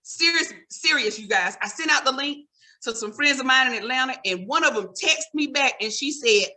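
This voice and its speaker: A woman's voice: high-pitched, normal speed. A woman comedian doing stand-up, talking straight to her audience and teasing them. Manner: animated, teasing direct address to the audience.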